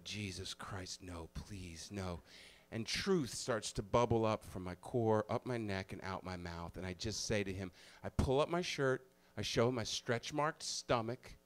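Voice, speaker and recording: A male comedian tells a personal story live on stage in a mid-range voice. He is animated and profane. He shifts from loud, punchy bursts to hushed, confessional stretches. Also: lowish voice, a little slow, smooth.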